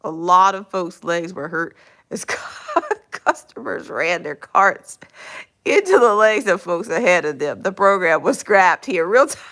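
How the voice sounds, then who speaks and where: A woman's voice: medium pitch, a bit bright. A woman in her fifties hosting a casual live stream, reading viewer comments aloud, chuckling often and repeating phrases for emphasis. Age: 50s.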